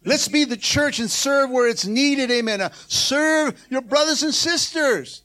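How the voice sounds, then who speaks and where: A high-pitched man preaching from the pulpit as pastor. He exhorts the congregation in an animated way, with repeated calls of come on and hallelujah. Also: a little slow. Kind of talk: sermon.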